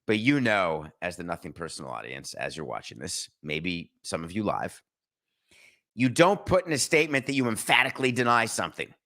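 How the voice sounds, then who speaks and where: A man's voice: sits low, big pitch swings, a little fast, bright, forceful tone. A middle-aged man hosting a solo sports podcast, speaking indignantly, firing rhetorical questions and mockingly reading out statements. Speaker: podcast host. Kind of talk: opinionated solo sports commentary.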